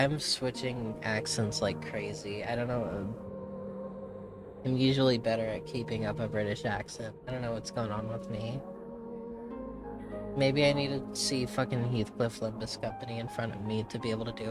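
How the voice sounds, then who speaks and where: A man's voice: mid-range voice, fairly even intonation, normal speed. A man streaming a game, muttering and swearing to himself in casual commentary. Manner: muttering, swears, self-deprecating. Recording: game music underneath.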